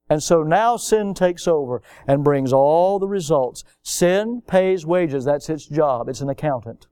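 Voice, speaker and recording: A man preaching a sermon as pastor, emphatic and repetitive, swinging between loud bursts and hushed low lines. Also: smooth, no echo, clean studio sound.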